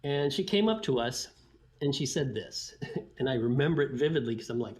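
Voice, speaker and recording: A middle-aged man speaks as a podcast guest, swinging his somewhat high voice widely up and down. He laughs often and acts out the lines of people in his stories. His talk is loose and storytelling. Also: normal speed. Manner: animated, laughing, acts out quotes. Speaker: guest scientist.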